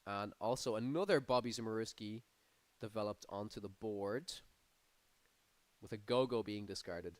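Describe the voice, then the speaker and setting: Smooth-voiced man casting a card game. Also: lowish voice, normal speed, no room sound. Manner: energetic, rising excitement on big plays. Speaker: tournament caster. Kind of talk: live play-by-play commentary.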